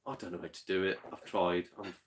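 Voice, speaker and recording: Speaking in a deep, flat, brisk voice, a Yorkshire-accented man hosts a casual gaming stream where he chats, reads viewer comments aloud, swears freely and laughs a lot. There is slight background noise.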